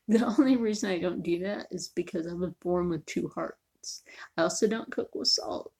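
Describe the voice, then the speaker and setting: A woman's voice: lowish voice, creaky, a little mellow, slightly rough. A woman chatting casually in a cooking vlog, joking and often dropping to a near whisper. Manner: chatty, jokey, sometimes drops to a near whisper. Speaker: vlogger.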